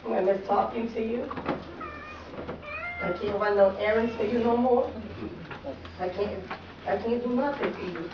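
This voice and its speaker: A woman's voice: fairly high pitch, steady tone, normal speed, long pauses. A woman speaking at a funeral, plain and heartfelt. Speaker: daughter giving a eulogy. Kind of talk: emotional funeral speech. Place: funeral gathering indoors. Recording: distant, roomy, muffled and noisy.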